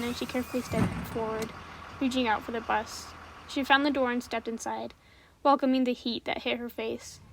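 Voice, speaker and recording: Calm woman narrating a spooky story. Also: on the high side. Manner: calm, measured, steady.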